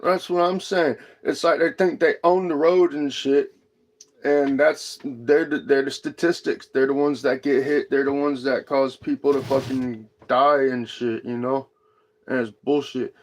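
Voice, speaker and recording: A man ranting profanely on a casual livestream as its host, high-strung and talking straight to his chat. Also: fairly even intonation, a little slow.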